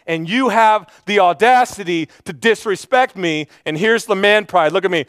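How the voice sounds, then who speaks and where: Dry, animated preacher man with a high voice. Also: moderate pace, hardly any pauses, smooth, dry recording. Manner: animated storytelling, acting out the characters' lines. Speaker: pastor. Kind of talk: sermon.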